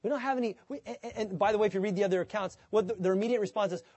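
A man preaching a sermon as pastor, in a conversational, animated way, sometimes acting out the voices of the people he quotes. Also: high-pitched, very fast, no echo.

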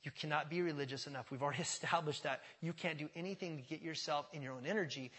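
A male pastor preaching a sermon in a church, emphatic and repetitive, swinging from quiet to loud. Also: fairly high pitch, quick pace, breathy edge. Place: church sanctuary. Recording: long church reverb.

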